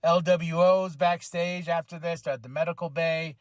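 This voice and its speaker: A man hosting a podcast, casually recapping a wrestling show, excitable, laughing often, swearing and acting out what people said. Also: on the high side, normal speed, dry recording, clean studio sound. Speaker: podcast host.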